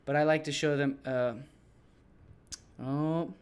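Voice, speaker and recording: A man's voice: a little high, steady tone, takes it slowly, clear, resonant tone. A man who teaches English, casually explaining his classroom activities to other teachers in a loose, rambling way with frequent restarts.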